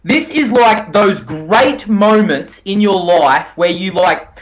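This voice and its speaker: A man co-hosting a casual podcast over a call, energetic and playful, teasing his co-host. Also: sits high, takes it slowly, rough recording.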